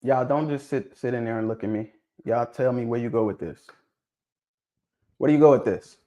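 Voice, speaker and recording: A mid-pitched man speaks in on a casual livestream. He is lively and keeps pressing his audience with repeated questions. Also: normal speed, lo-fi sound. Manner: animated, prodding viewers with questions, repeats himself. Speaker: livestream host discussing dog pedigrees.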